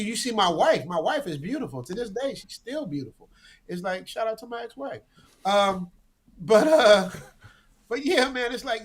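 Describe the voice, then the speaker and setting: A man talking as a guest in a casual interview, animated and slangy, often repeating words as he goes. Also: sits high. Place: lives abroad, remote interview.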